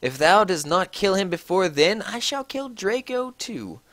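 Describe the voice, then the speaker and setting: A man voicing a menacing male dark lord who makes overblown threats in a raspy voice. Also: high-pitched, animated, measured pace, no echo, pitched above the performer's own voice.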